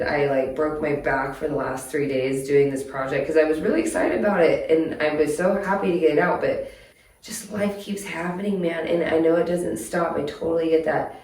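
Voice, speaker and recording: A woman's voice: deep voice, steady tone, normal speed, darkish tone. Female vlogger, upset and rambling, recorded from a distance with roomy echo. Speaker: DIY vlogger. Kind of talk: emotional life-update vlog. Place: outdoors in her yard at night. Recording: echoey, distant from the mic.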